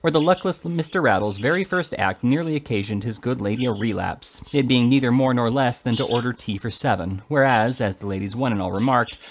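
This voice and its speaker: A man reading a classic novel aloud in an expressive, animated way. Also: mid-range voice, slight background noise. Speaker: reader.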